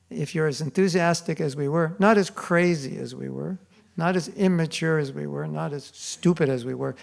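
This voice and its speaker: An older man giving a storytelling class at a temple, animated and acting out the voices of people in his stories. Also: on the high side, gravelly. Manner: animated, acts out quoted voices. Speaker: spiritual teacher giving a class. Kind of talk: storytelling sermon. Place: temple hall.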